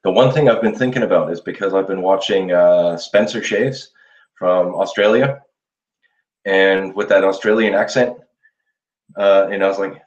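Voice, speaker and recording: A man with a very deep, low voice hosts a laid-back live session, rambling and chuckling as he talks to his viewers. The sound is roomy and slightly dull, like a lo-fi home recording. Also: moderate pace. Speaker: livestream host. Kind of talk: casual live chat while shaving.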